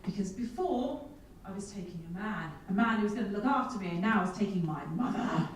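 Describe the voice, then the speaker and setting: A woman's voice: medium pitch, brisk, a little hiss or hum. A woman, giving a humorous keynote talk full of self-mocking asides. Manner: lively, self-mocking storyteller with comic asides. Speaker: keynote speaker. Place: large conference hall. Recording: echoey hall, speaker far from mic.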